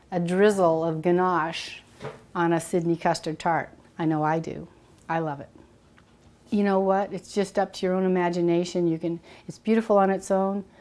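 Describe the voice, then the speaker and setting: A woman's voice: fairly low pitch, a little mellow. Chatty middle-aged woman cooking on camera. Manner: chatty and enthusiastic, thinks aloud. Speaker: cooking show host. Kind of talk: casual cooking demonstration. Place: kitchen.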